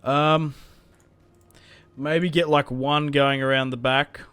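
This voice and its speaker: A young man hosting a gaming channel, giving live strategy game commentary in an excitable, think-aloud way with many fillers. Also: fairly high pitch, slow pace, smooth, no room sound.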